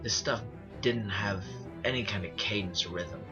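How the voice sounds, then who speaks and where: A man narrating a first-person horror story as an earnest storyteller, restarting phrases and slowing down on the creepy parts. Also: fairly low pitch. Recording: dull lo-fi recording with music behind. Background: music bed.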